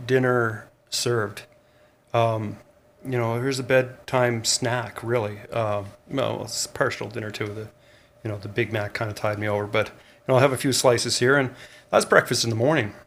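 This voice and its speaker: A man's voice: mid-range voice, unhurried, fairly bright tone. A man chatting casually in a vlog diary, rambling with fillers and chuckles, tired after a long day of running. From Canada. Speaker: vlogger on a cross-country run.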